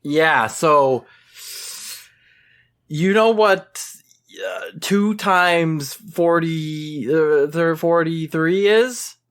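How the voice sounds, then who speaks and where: A man's voice: on the high side, fairly bright tone. A man hosting a casual gaming podcast, playful and joking, teasing his co-hosts. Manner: playful, joking, quick to tease. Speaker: podcast host.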